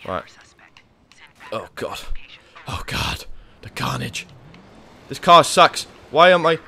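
A man's voice: mid-range voice, sing-song, slow, gravelly, sharp tone. A man giving live, panicky commentary on his own gameplay, swearing and talking to himself. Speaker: gaming YouTuber.

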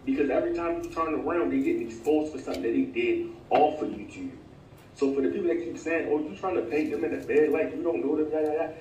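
A man's voice: fairly high pitch, quick pace, warm tone. Sarcastic man, distant echoey sound. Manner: dismissive, sarcastic. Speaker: YouTube commentator in a played clip. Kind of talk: casual commentary. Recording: distant, echoey, faint hiss.

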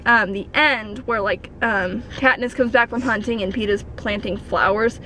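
A young woman chatting excitedly about a film in a parked car. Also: on the high side, moderate pace, a little hiss or hum, low-quality recording. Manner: gushing, bursts into loud acted quotes. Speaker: vlogger. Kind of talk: excited casual chat.

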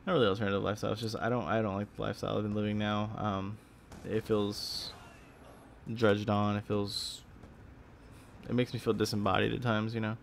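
A man's voice: lowish voice, flat delivery, brisk, vocal fry. A tired young man from Texas, rambling casually about his gaming videos with lots of fillers and restarts. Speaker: gaming YouTuber. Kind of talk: rambling casual vlog talk. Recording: faint background noise.

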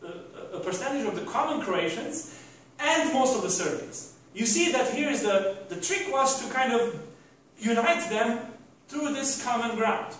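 A man's voice: very high voice, expressive, a little slow, a bit bright, a little hiss or hum. A man giving a university lecture, rambling with restarts and rhetorical questions to the class. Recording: echoey room from a distant mic.

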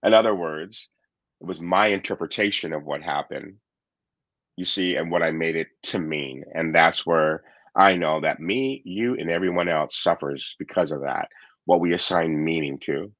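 A man's voice: deep voice, normal speed, fairly bright tone, no echo, muffled recording. A man hosting a podcast, reflecting candidly in a casual chat with many fillers and restarts. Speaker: podcast host and coach. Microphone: remote call microphone.

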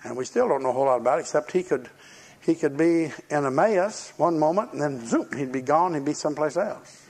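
An older male preacher tells his sermon like a story, folksy and plain-spoken. His voice is husky and slightly raised in pitch. He slips into the voices of the people he talks about. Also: animated, fairly quick, a little mellow.

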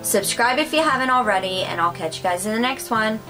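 A woman's voice: on the high side, lively intonation, a little fast, over music, poor audio. A woman chatting casually to her viewers about craft and decor finds, gushing with lots of fillers. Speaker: craft vlogger. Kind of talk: casual haul chat to camera.

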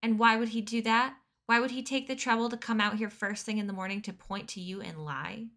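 A woman reading aloud voices a gruff, angry male farm team leader who shouts and accuses. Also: medium pitch, moderate pace, natural voice. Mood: accusing.

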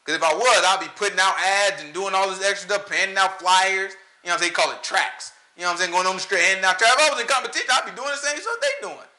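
A man preaching a casual, conversational sermon, animated and talking straight to his listeners. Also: high voice, fast, hardly any pauses. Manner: animated, talks straight to listeners, often asks "you know what I'm saying?". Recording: roomy echo.

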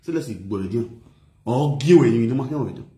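A man's voice: medium pitch, expressive, fast, dark tone. A man chatting casually in a playful sing-song way, mixing languages, chanting and laughing often. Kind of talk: casual livestream chat with singing and chanting. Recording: echoey room.

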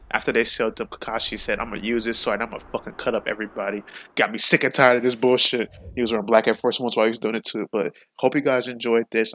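A man hosting a gaming channel, giving casual, profane let's-play commentary that swings between excited outbursts and hushed, rambling muttering. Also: lowish voice, no echo, dull audio.

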